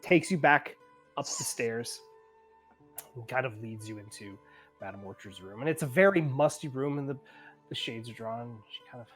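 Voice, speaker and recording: A man's voice: mid-range voice, normal speed, fairly bright tone, faint music behind. A man narrating as game master of a tabletop game, rambling, laughing often and searching for words.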